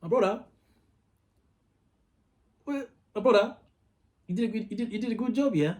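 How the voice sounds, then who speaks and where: A man voicing a cheerful boss with a Nigerian-British accent, speaking loudly and high in his register, heaping praise. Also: animated, fast. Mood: booming praise.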